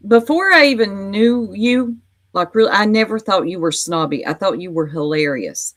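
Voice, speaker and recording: A woman's voice: medium pitch, animated, normal speed, fairly bright tone. A woman with an Appalachian American accent, chatting as a co-host in a teasing way and laughing often. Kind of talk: casual podcast chat.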